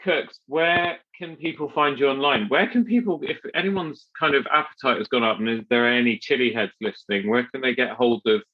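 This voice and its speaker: A man hosts a podcast in loose, rambling chat, stumbling and restarting as he goes. His voice sits at an ordinary pitch. The recording is a little dull and lo-fi. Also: fairly quick, hardly any pauses. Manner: chatty, rambling with many restarts and fillers. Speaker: podcast host.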